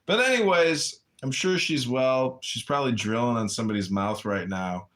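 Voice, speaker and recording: A man's voice: medium pitch, normal speed, fairly bright tone. A man hosting a livestream, telling crude, meandering anecdotes in a casual monologue. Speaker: livestream host.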